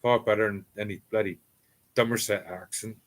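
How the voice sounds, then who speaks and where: A man's voice: lowish voice, steady tone, fairly quick. A middle-aged man with an East Cornish accent hosts a live stream from his home cellar. He chats casually and rambles, reading out viewer comments. His talk is full of ums and restarts.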